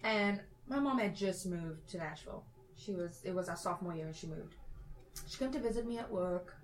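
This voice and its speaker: A woman's voice: on the low side, expressive, fairly quick, slight background noise, poor audio. A young woman chatting casually, telling a funny story and quoting people. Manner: chatty storytelling with quoted voices. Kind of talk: casual chat.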